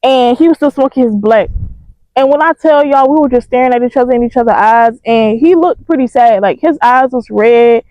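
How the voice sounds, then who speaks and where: A young woman telling a storytime in a casual, profane, animated way. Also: a little high, fairly quick, no room sound, highs cut off. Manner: animated, profane, emphatic retelling.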